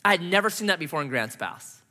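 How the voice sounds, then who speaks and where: Animated bright-voiced middle-aged male pastor. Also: on the high side, quick pace. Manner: animated, self-mocking, acts out his own reactions. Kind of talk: sermon with personal storytelling. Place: church stage.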